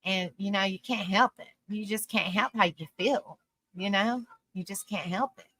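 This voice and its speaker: A woman talks to her live-stream audience in a loose, heartfelt ramble, leaning on "you know" between thoughts. Her voice is bright and forward. The sound is dry and close, with no room around it. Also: mid-range voice, moderate pace, dry recording. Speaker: live-stream panel host. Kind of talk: casual live-stream talk.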